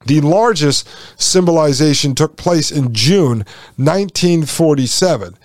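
A man with a somewhat high voice hosts a podcast, reading passages aloud and adding sarcastic, folksy remarks for his listeners. The sound is close and dry, with no room around it. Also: animated, measured pace, darkish tone, no room sound. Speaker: podcast host.

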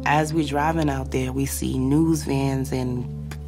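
A woman telling her story in an interview, her voice carrying a gravelly rasp. She speaks quietly and haltingly. A clear music bed plays underneath her words. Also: extremely low pitch, fairly even intonation. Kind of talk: personal testimony interview.

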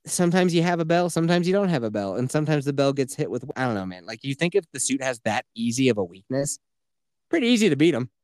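A man's voice: medium pitch, sing-song, fast, a little mellow, dry recording, clean studio sound. A man casually retelling a video game's plot on a podcast, profane and mocking. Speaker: podcast host. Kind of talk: casual game review chat.

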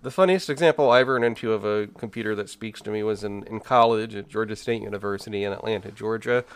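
A man co-hosting a podcast, speaking in a measured, thoughtful way with frequent fillers. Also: on the low side, smooth, dry recording. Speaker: podcast co-host. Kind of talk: casual discussion.

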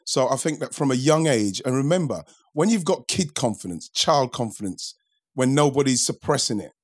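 A man's voice: mid-range voice, lively intonation, moderate pace. A man chatting on a podcast, telling sports stories in a reflective way and often repeating words as he goes. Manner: reflective, repeats himself while storytelling. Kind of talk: casual chat.

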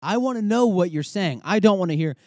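A man's voice: sits high, lively intonation, a little fast, dry recording, studio quality. A young man hosting a podcast, ranting casually with swearing and rambling asides. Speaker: podcast host. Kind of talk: casual comedic rant.

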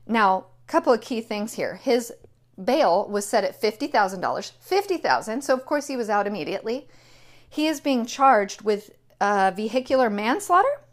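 Woman ranting about politics, kinda high voice, hammers her points hard. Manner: indignant, emphatic, repeats key phrases. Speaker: political commentator. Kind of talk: opinion monologue.

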